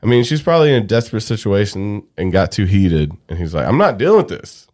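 Animated male podcast co-host. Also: fairly low pitch, quick pace. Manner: animated, swearing. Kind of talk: casual chat.

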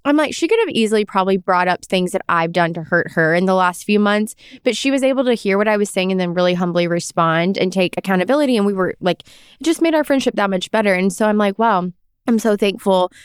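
A woman's voice: medium pitch, animated, fast, smooth, no room sound, clean studio sound. A young woman co-hosting a casual faith podcast, telling reflective personal stories. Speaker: podcast co-host.

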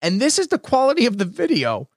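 A man hosting a casual comedy radio show, telling stories fast and laughing often. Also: extremely high pitch, no echo, studio quality. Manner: fast, laughing, animated storytelling.

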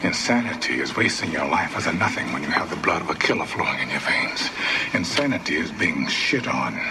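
A commanding film mentor, very deep, noisy movie clip. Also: male voice, very animated, brisk, full character voice. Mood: intense. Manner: grave, intense delivery. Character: older male mentor to an assassin, calm, commanding. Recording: film clip with background noise.

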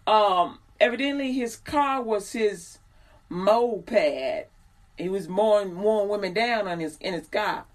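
A woman in her forties tells a personal story with a loose, chatty rhythm, wandering off on side points. She slips into voices for the people she quotes. Her speaking voice sits at a middle pitch. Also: takes it slowly. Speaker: host. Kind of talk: casual storytelling monologue.

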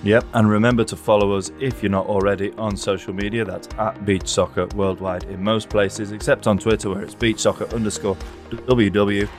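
A man's voice: on the low side, level tone, a little fast, faint music behind. A man with a Northern English accent, co-hosting a podcast in easygoing casual chat. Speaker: podcast co-host.

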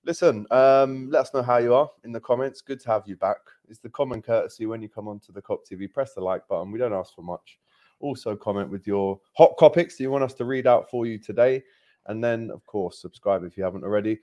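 A young man hosting a football podcast, chatting casually in an upbeat way, telling stories and giving shout-outs. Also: medium pitch, brisk, highs cut off. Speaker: podcast host.

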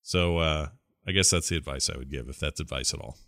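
A man hosting a podcast, chatting casually, relaxed and rambling with easy laughs. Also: very deep voice, a little fast, dry recording, studio quality. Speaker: podcast host.

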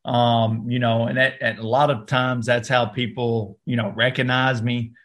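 A man with a Southern American accent, an actor talking as a podcast guest, relaxed and loose, full of fillers and restarts. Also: medium pitch, moderate pace. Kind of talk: interview, casual talk.

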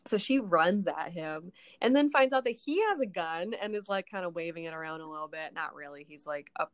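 A woman chatting on a podcast in a loose, rambling recap, peppering her story with "like" and cheerful swearing. Her voice sits a little low and is caught close and dry, with no room sound around it. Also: lively intonation, a little fast, no room sound. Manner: rambling retelling full of "like" and frequent swearing. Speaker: podcast co-host recapping a TV episode. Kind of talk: casual chat.

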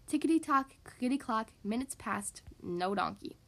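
A woman hosting a podcast, reading a picture book aloud to young children in an animated, sing-song way. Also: fairly high pitch, normal speed. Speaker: podcast host reading to kids. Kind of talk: children's storybook read-aloud.

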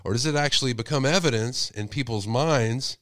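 A man's voice: medium pitch, a little fast, a bit bright, dry recording. Guy with a cold running a call-in show, lots of rhetorical questions, dry sound. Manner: speculative, asks rhetorical questions. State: sick with a cold. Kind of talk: casual call-in show talk.

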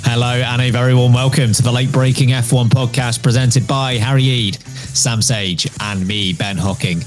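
Relaxed man hosting a podcast. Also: medium pitch, moderate pace, over music. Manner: relaxed, with fillers. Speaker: podcast host. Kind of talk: casual podcast chat.

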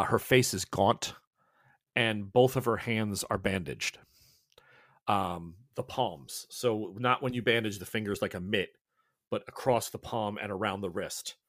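A man's voice: lowish voice, slow pace, fairly bright tone, dry recording, clean studio sound. Man narrating as game master. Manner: casual, descriptive, with fillers.

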